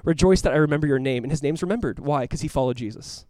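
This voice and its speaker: A man preaching a sermon as pastor, animated, acting out voices and swinging from loud cries to hushed, earnest tones. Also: on the high side, fast talker, dry recording. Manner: animated, acts out voices of the crowd and the blind man.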